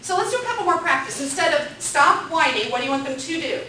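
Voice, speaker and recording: A woman's voice: very high voice, expressive, very fast, crowd noise. A woman teaching a parenting class, upbeat and questioning the group and echoing back their answers. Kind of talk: interactive classroom lecture. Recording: echoey room from a distant mic.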